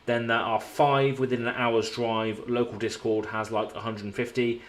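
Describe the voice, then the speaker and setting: A man's voice: mid-range voice, little pitch movement, normal speed. A man streaming from a hotel room, chatting casually and rambling as he answers viewers in his live chat.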